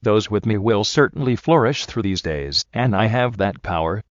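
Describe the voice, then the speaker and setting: A man voicing a smooth, menacing male motivational speaker who talks in a slow, persuasive, coaxing way. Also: fairly low pitch, animated, no echo, highs cut off, natural voice.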